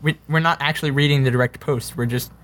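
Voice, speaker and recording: Joking higher-voiced young man. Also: steady tone, fast, a bit bright. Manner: joking, protesting, laughs often. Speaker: podcast guest. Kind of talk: casual podcast chat.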